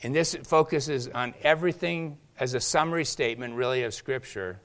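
A man delivers a morning sermon in an everyday middle-range voice. He keeps asking his congregation questions and waits for them to answer. When he reads scripture he slows down and lets each line land. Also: medium pitch, a bit bright. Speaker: pastor.

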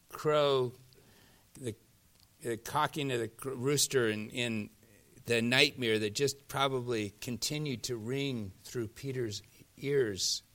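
A male pastor preaching a sermon, retelling scripture stories with animated emphasis, swinging from loud, driving lines to soft, hushed ones. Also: medium pitch, takes it slowly.

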